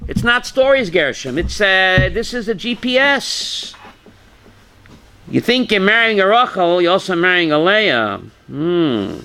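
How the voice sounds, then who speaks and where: A man leading a Torah class, his high voice leaping up and down as he quizzes listeners by name. He has a bright, forceful edge and pushes hard when he wants a point to land. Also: very animated, a little slow, smooth. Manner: calls on listeners by name, asks questions, bursts loud. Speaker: rabbi teaching a class.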